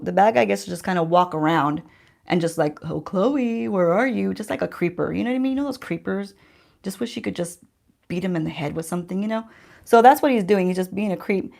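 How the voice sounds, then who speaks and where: A beauty vlogger with a fairly low, gravelly, slightly mellow voice chats casually with her viewers while doing her makeup. She tells a story, speaks to them directly, and asks rhetorical questions, using a handheld-range mic while holding a mirror.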